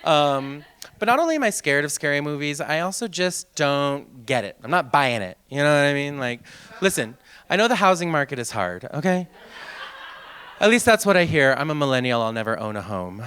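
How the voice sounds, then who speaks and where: A man's voice: a little high, big pitch swings, brisk, bright, forceful tone, slight background noise. A man in his thirties with a sing-song voice doing a stand-up comedy set on a theater stage, into a handheld mic. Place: theater stage with live audience.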